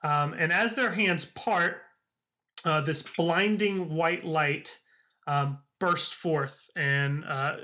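Very bright-voiced man running a game. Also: fairly high pitch. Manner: halting, filled with ums and uhs. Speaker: game master. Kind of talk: narrating a tabletop game.

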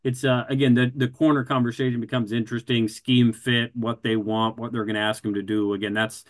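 A man co-hosting a casual football draft talk, measured and methodical, leaning on a habitual filler word. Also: medium pitch, little pitch movement. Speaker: football draft analyst co-host.

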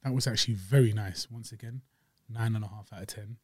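A man's voice: on the low side, fast talker, a little mellow. A young man co-hosting a podcast, playful and slangy, jumping in with quips. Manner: playful, slangy, interrupting with bits. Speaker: podcast co-host. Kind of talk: casual chat.

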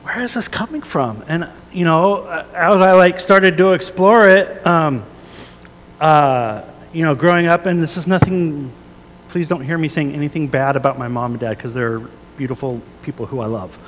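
A man in his thirties preaching a sermon, earnest and confessional, shifting from soft prayer to emphatic storytelling. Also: fairly high pitch, fairly even intonation, normal speed, long reverb tail, a little hiss or hum. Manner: earnest, confessional, many fillers and restarts, soft prayerful then rising emphatic. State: a little emotional. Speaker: pastor.

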